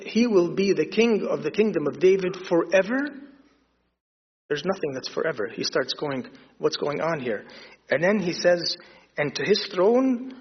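A man preaching a sermon, retelling scripture and acting out the dialogue in an animated storytelling way. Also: a little high, slightly rough. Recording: dull lo-fi sound with long hall reverb.

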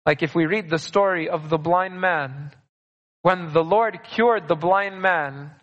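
A man's voice: fairly high pitch, measured pace, fairly bright tone, lo-fi sound. A man preaching a sermon earnestly, repeating key phrases for emphasis. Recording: long reverb of a large hall.

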